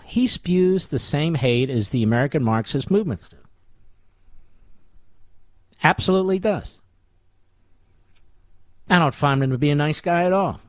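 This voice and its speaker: A man's voice: on the high side, expressive, a little slow, long pauses, dry recording. A middle-aged man hosting a talk radio show, delivering a combative, sarcastic monologue full of rhetorical questions.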